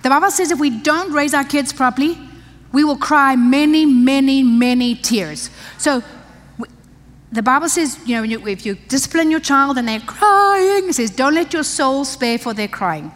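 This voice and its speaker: A woman's voice: high-pitched, expressive, normal speed, a bit bright. An older woman preaching a conversational, emphatic sermon to women in a church. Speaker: pastor's wife preaching to women. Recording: long church-hall reverb.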